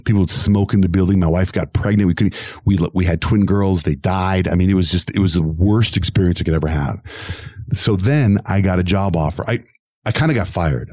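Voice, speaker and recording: A man's voice: sits low, fairly quick, no room sound, studio quality. A middle-aged man, a radio host, telling his career story in an interview and acting out the voices of the people in it. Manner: animated, acts out quoted voices.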